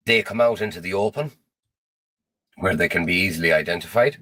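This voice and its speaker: Brief: low-voiced man, slow and grave conspiracy monologue, dry sound. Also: sharp tone, dry recording.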